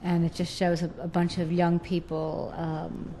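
A woman's voice: on the low side, monotone, a little slow, mellow, a little hiss or hum. A woman interviewer asking curious, chatty questions and reading items aloud. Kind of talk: conversational interview.

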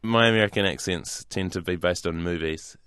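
A man in his thirties with a New Zealand accent, giving an interview in a dry, hesitant way with soft laughs. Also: low voice, brisk, smooth, no echo. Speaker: guest actor and comedian. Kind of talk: interview conversation.

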